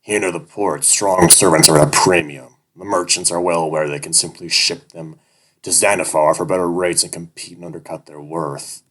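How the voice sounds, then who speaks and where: A man's voice: fairly even intonation, moderate pace, fairly bright tone. A man voicing a leering, throaty slave overseer. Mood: jovial. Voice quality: deep, throaty accent. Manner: mocking, jovial, condescending.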